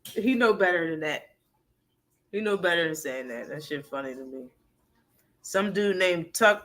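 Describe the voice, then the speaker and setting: A woman's voice: fairly low pitch, animated, moderate pace, long pauses, fairly bright tone. A woman hosting a live boxing talk stream in casual, profane chat, laughing often and answering her chat.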